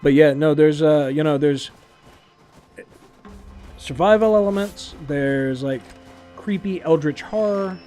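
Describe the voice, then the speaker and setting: Giggly, chatty game streamer, slightly high voice. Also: male voice, slow pace, long pauses, dark tone, soft background music. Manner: laughs often, chatty and easily amused. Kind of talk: casual live gameplay commentary.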